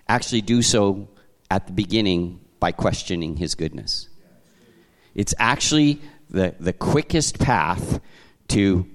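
A man from Canada preaching to a congregation, telling stories in a conversational, animated way with frequent restarts. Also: fairly low pitch. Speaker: pastor. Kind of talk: sermon.

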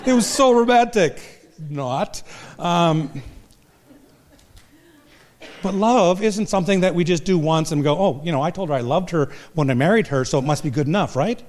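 A man's voice: on the high side, expressive, moderate pace, darkish tone. An older man, a pastor and marriage counselor, giving a humorous, self-deprecating talk to a live audience. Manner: self-deprecating, joking storyteller.

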